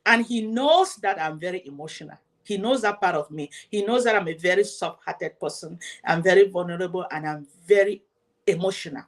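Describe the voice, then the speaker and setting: A woman's voice: lowish voice, fairly quick. A woman hosting her own show, telling a personal story to her viewers in an emotional way, often repeating herself and speaking straight to her audience. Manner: emotional, repetitive, addresses the audience directly. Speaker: host.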